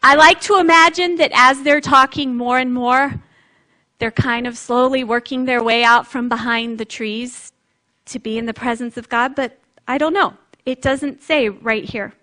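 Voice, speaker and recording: A woman's voice: high voice, steady tone, normal speed, bright, forceful tone. A woman preacher giving a sermon in a conversational, reflective way, with light laughs.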